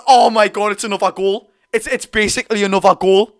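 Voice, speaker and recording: Excitable young Geordie man, high voice. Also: fairly quick. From North East England. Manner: excitable, loud celebrating, swearing; partisan play-by-play with repeated phrases. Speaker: fan watch-along streamer. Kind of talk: live fan commentary.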